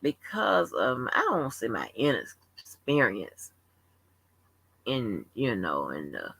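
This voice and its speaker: A woman's voice: a bass voice, big pitch swings, takes it slowly, gravelly, fairly bright tone, breathy edge. Blunt profane woman ranting. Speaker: livestream host. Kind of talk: casual open-forum rant.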